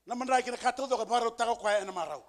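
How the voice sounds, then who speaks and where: A male pastor preaching a sermon with emphasis, repeating key phrases and building to shouted peaks. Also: very high voice, rapid-fire. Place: church service.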